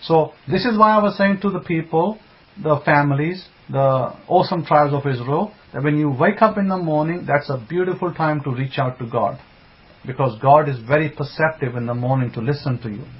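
A man's voice: a little high, brisk. A man teaching a Bible sermon, emphatic, with rhetorical questions and repeated phrases, greeting online listeners as he goes. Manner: greets online listeners by name mid-talk. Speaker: religious teacher. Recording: dull lo-fi sound.

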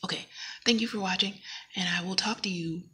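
A woman vlogger talking casually to camera, rambling and animated, now and then dropping into a whisper. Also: medium pitch, a little fast, breathy edge. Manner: rambling and animated, acting out quoted dialogue; drops into whispers at times.

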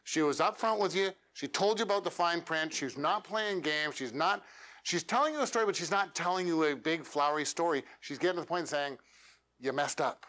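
A man leads a live workshop for a meetup room, coaching in a direct, plain-spoken way. His voice sits somewhat high. He keeps ending his points with questions to the audience. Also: fairly quick, bright, forceful tone. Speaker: featured speaker.

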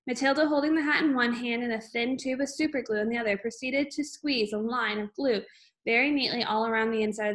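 A woman reading a children's book aloud at an unhurried pace, with frequent small slips and restarts. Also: a little high, a bit bright. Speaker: reader.

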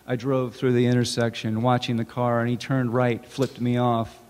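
A man, an author, reading his own fiction aloud in a measured, deliberate way at a campus event. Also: medium pitch, flat delivery, a little mellow. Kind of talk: literary reading. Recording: reverberant hall.

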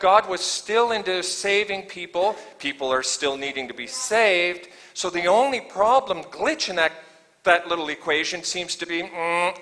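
A male guest pastor preaching in a church sanctuary. His voice is bright and sits a little high for a man, and it rings out in the long reverb of the hall. He preaches conversationally, dropping to hushed asides and then building to fervent, raised passages. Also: moderate pace. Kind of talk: sermon.

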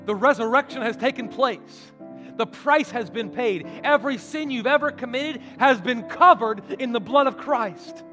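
High-voiced pastor preaching in a reverberant church. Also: male voice, expressive, unhurried, a bit bright, soft background music. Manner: preacherly, rising to emphatic declarations. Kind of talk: sermon.

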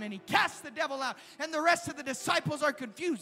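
A man preaching a live sermon in a church, impassioned and often shouting, at times dropping to a hush. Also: very high-pitched, lively intonation, quick pace, hardly any pauses. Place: church sanctuary during a live service. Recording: long hall reverb with faint music.

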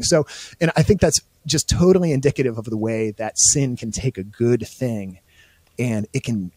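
A man's voice: mid-range voice, moderate pace, a little mellow, no echo. A man who is a podcast guest, explaining eagerly in a casual discussion full of fillers and restarts.

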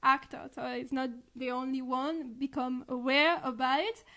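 A woman's voice: high-pitched, steady tone, normal speed, a bit bright. A young woman speaking English as a second language as a podcast guest, giggly and chatty. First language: not English. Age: young adult. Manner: giggly, non-native English phrasing. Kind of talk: casual conversational interview.

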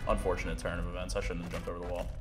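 A man casually commentating his own gameplay, excitable, laughing often and swearing, with game audio playing behind him. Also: deep voice, very fast. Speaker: gaming YouTuber. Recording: game music and gunfire behind.

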